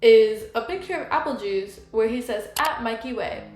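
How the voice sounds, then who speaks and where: A woman's voice: a little high, normal speed. A young woman telling a fan-history story in a casual, gossipy way, full of "like"s. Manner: gossipy, animated, many "like"s. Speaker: YouTuber. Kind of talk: casual commentary video. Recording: echoey room, faint music.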